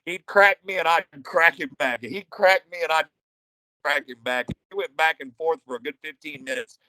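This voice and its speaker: A retired pro wrestler from Texas telling profane, animated stories as a podcast guest. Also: male voice, a little high, moderate pace, low-quality recording. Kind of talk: casual storytelling.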